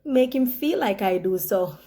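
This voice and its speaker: A woman's voice: medium pitch, expressive, unhurried, dark tone, natural voice. A Nigerian woman acting a newly engaged young woman, gushing and close to tears in a comedy skit. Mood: boastful.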